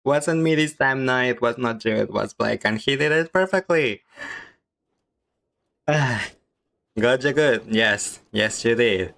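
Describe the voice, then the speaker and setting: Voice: mid-range voice, animated, a little slow, vocal fry, long pauses, a bit bright. A game streamer chatting casually with viewers, reading chat aloud and giggling often.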